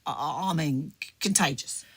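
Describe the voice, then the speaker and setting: A woman's voice: sits low, moderate pace, fairly bright tone, slightly rough, heavily acted. A woman playing Arthur, a pedantic Cockney brother who co-hosts a comedy podcast, bantering in a put-on Cockney accent. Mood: knowing. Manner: lecturing, pedantic, dry banter. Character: cheeky know-it-all Cockney man, Arthur. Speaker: podcast co-host.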